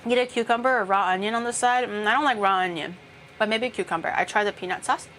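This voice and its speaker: A woman's voice: mid-range voice, fast talker, a bit bright, a little hiss or hum. A woman chatting casually with viewers while she cooks on a live stream, swearing now and then. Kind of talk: casual chat while cooking. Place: home kitchen.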